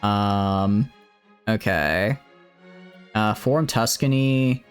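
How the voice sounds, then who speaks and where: A man's voice: on the low side, extremely slow, smooth, faint music behind. A man streaming a strategy game live, rambling and correcting himself as he chats with viewers. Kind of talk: live gameplay commentary.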